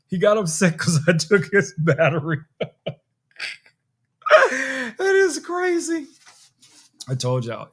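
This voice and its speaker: A man hosting a casual live tech stream, demoing gadgets with an animated, joking manner and talking straight to his viewers. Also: high voice. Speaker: tech livestream host.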